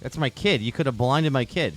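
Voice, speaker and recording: A man's voice: medium pitch, fairly quick, soft background music. A man hosting a podcast, telling a heated story full of swearing and restarts. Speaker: podcast host. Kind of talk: casual chat.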